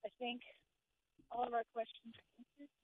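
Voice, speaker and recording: A woman's voice: on the high side, completely flat delivery, normal speed, breathy edge, no echo. Brief: older female caller, breathless and earnest, raised voice, tinny phone line. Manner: earnest, talking between breaths.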